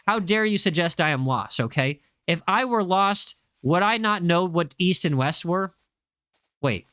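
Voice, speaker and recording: A young man hosts a casual livestream, joking and bickering with his chat. His voice is bright and sits a little high for a man. The sound is close and dry, with no room around it. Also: smooth, no echo. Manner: playful, defensive banter with chat. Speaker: livestream host.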